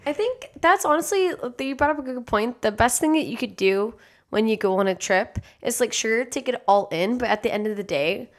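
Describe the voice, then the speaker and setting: A young woman co-hosting a podcast, calmly sharing how she keeps a journal on trips, in casual chat. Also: a little high, moderate pace. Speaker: podcast co-host.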